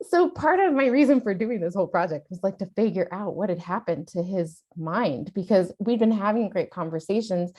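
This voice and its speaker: A middle-aged woman co-hosting a podcast, telling a family story in casual chat, animated and laughing, acting out quoted voices. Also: medium pitch, normal speed, few pauses. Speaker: podcast co-host, mother.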